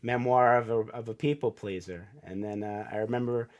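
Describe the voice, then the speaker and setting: A middle-aged man speaks as a podcast guest in an earnest, heartfelt way. He acts out the people in his story as he goes. His voice sits at an ordinary pitch, neither high nor low. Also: fairly even intonation, fairly quick. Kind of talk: casual storytelling interview.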